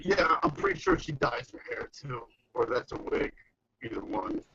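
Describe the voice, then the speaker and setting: Gravelly, slangy man on a video call. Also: medium pitch, wildly swooping pitch, moderate pace, bright, forceful tone. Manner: slangy, rambling, mocking. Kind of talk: casual group video chat. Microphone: webcam mic on video call. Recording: lo-fi online call audio.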